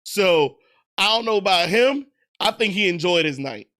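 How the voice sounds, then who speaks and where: Bright, high-voiced casual male streamer. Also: expressive, normal speed. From United States. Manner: loose and profane, laughs at himself. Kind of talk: casual livestream chat.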